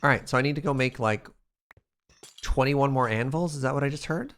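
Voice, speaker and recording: He has a mid-range voice and talks a little quickly as he streams a building game. Animated and playful, he banters with the people watching and speaks to the chat.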